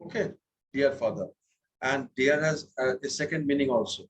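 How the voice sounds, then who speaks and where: A man's voice: mid-range voice, normal speed, muffled recording. A man teaching a French class, patient, repeating words and checking that students follow. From India. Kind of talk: classroom lesson.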